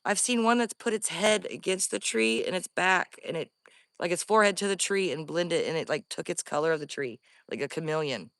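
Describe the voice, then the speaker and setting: A woman vlogging from the woods on her phone, scared and breathing heavily, often dropping to a hushed whisper. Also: lowish voice, fairly quick, gravelly, dry recording, studio quality. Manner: jittery, drops into hushed whispers. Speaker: paranormal vlogger. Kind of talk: live outdoor investigation vlog. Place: woods outdoors.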